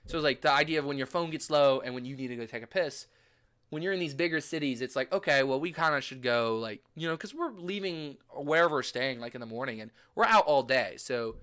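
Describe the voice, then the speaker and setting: A man's voice: medium pitch, lively intonation, fast, a bit bright, clear, resonant tone. A man hosting a casual chat, talking in a rambling, profane way with lots of filler words. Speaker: host.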